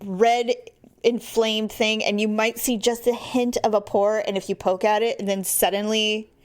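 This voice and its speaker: A woman co-hosting a podcast, telling a story in casual chat with animated delivery and casual swearing. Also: medium pitch, moderate pace. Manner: animated storyteller, acts out quoted voices; swears freely. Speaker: podcast co-host.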